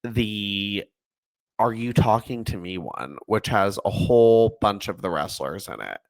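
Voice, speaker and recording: A man's voice: lowish voice, animated, a little slow. A man co-hosting a podcast in casual chat, laughing often and filling gaps with ums. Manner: chatty, laughs often, many fillers. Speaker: podcast co-host.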